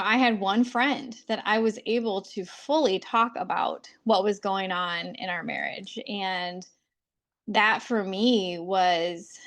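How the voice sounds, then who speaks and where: Brief Woman, podcast host, mid-pitched voice, earnest and confiding, laughs softly between thoughts. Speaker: podcast host and coach for women. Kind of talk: faith-based podcast monologue.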